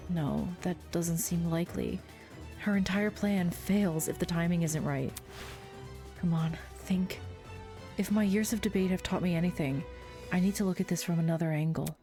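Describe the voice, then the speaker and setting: A woman's voice: fairly low pitch, dark tone. Casual woman commenting on gameplay. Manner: casual, amused, thinking aloud. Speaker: gameplay streamer. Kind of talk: let's-play commentary.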